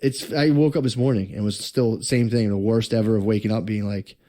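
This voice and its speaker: A man's voice: fairly low pitch, steady tone, a little fast, mellow. Profane, rambling young man telling a story. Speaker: podcast co-host. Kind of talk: casual podcast chat.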